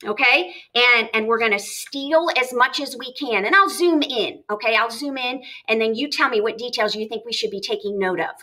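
A woman teacher modeling a reading lesson, thinking aloud with lively, emphatic self-questions. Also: fairly high pitch, moderate pace, few pauses, low-quality recording.

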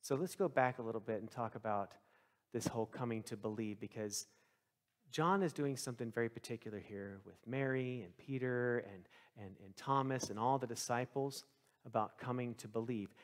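A male pastor preaching a sermon, telling the story with lively swings into the voices of the people in it. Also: mid-range voice, normal speed. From Texas.

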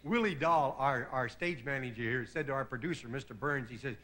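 A man hosting a TV variety show, delivering a stand-up monologue. He chuckles at his own jokes and slips into quick voices for the people in them. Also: medium pitch. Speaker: comedian host. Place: TV studio stage before a live audience. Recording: loud hiss on a 1960s TV broadcast.

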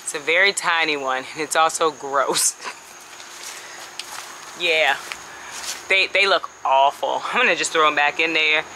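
A woman's voice: deep voice, measured pace, long pauses, bright, forceful tone, slight background noise, poor audio. A woman chatting casually as she walks viewers through her backyard garden on a handheld phone, laughing often and calling them y'all. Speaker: home gardener vlogger. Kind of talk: casual garden walkthrough vlog.

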